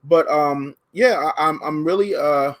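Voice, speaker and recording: A man's voice: a little high, a little slow. A man co-hosting a comedy podcast, ranting profanely and animatedly in casual chat. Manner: profane, animated rants with quoted voices. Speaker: podcast co-host.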